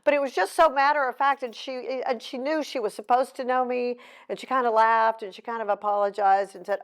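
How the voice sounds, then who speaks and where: A woman's voice: a little high, fairly even intonation, a little fast, few pauses. A middle-aged woman author giving a candid, heartfelt talk to an audience, mixing emotion with self-deprecating humor. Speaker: author at a book signing.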